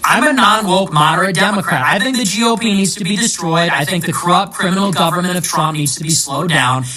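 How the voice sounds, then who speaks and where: Sharp-toned man on a sarcastic political rant, combative, a bit far from the mic. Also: sits high, a little fast, faint music behind. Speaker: political commentator. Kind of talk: ranting monologue.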